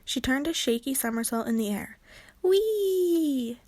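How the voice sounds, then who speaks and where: A woman's voice: a little high, brisk, no echo. Woman reading a children's storybook. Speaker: narrator. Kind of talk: children's book read-aloud.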